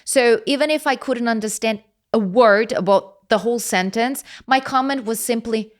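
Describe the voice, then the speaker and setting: A young Italian woman speaking English as a guest in a casual chat, animated and laughing as she explains with examples. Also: on the high side, moderate pace. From Italy.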